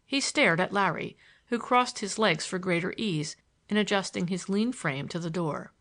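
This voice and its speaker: A woman narrating an audiobook in an expressive reading voice. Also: on the low side, moderate pace. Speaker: audiobook reader. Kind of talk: storybook narration.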